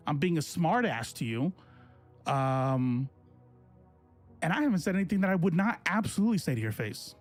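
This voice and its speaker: A man in his forties, a political streamer, ranting to his chat in a confrontational, sarcastic way. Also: a little high. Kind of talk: casual livestream rant to chat.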